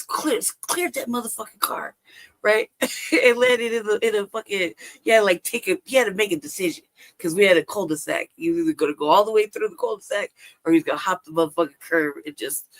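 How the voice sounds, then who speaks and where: A woman's voice: lowish voice, fast. Laughing, profane storyteller woman from Los Angeles. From Los Angeles, California. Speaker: livestream guest. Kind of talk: casual storytelling. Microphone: livestream call.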